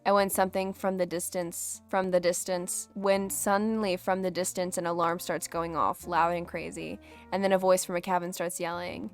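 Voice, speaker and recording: Expressive woman reading a story aloud. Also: on the low side. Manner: expressive, breaks off to react and laugh. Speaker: fanfiction reader.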